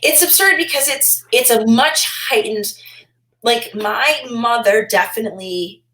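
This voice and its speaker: Woman podcast guest, rambling and animated, roomy recording. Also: on the high side, measured pace. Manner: rambling, many "like" fillers, animated quoting. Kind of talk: casual interview chat. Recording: roomy echo.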